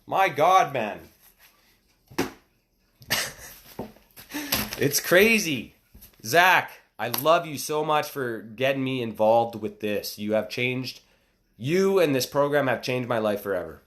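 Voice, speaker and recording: Excited man giving a motivational talk. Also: medium pitch, measured pace, background noise. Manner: excited, emphatic exclamations. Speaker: motivational speaker.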